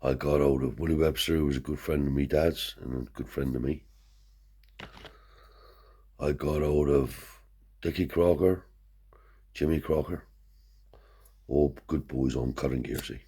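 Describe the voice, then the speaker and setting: A deep, husky man spins a long, rambling yarn full of swearing. His voice is low and warm, and it jumps higher whenever he acts out what someone else said. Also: fairly even intonation, unhurried, pauses often. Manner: rambling, profane, lifts his voice to act out quoted people. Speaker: storyteller. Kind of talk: casual anecdote telling.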